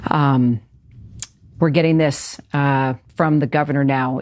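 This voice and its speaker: Low-voiced female news anchor. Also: fairly even intonation, a little mellow. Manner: measured, with frequent ums and uhs. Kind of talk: live news broadcast.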